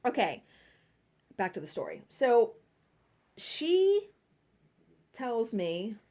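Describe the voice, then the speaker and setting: A woman's voice: fairly high pitch, very animated, extremely slow, mellow. A woman vlogging casually while she cross stitches at home, telling stories and laughing at herself. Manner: chatty storytelling, laughing at herself.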